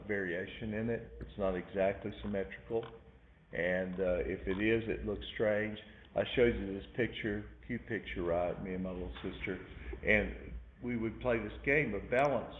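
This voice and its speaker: A man teaching an art class, recapping in a rambling way with many fillers and asides. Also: lowish voice. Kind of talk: recorded lecture recap. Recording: echoey room over a tinny phone-like line with faint noise.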